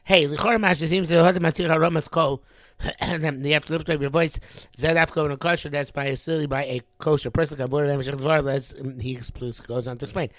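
A man teaching a religious text, reading phrases and translating them into many pauses and fillers. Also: on the high side, a bit bright, dry recording. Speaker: Torah teacher.

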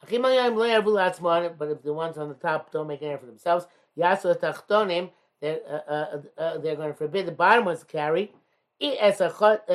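A man teaching a religious text, reading phrases aloud and explaining each one in English, with many pauses and "uh"s. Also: a little high. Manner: reads Hebrew-Aramaic phrases then explains in English, many hesitations. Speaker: Talmud teacher. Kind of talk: text study lesson, reading and translating.

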